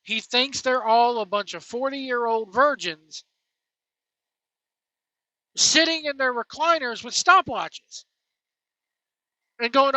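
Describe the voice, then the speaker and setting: Blunt scornful wrestling ranter, bright-toned. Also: medium pitch, lively intonation, slow pace, long pauses, no echo, highs cut off. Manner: blunt, scornful, name-calling. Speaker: wrestling commentary host. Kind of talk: opinionated rant.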